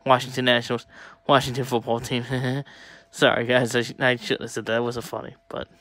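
A young man talking casually to viewers while opening sports cards, chatty and excitable. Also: mid-range voice, a little fast, dry recording. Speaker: sports card collector opening packs. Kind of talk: casual pack-opening vlog.

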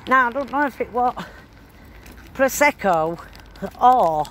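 Walking along a town street, an older woman vlogger chats casually in a rambling, broad dialect. Her voice is fairly high and a bit bright, slow but lively in intonation. The phone recording is noisy, full of traffic and street sounds.

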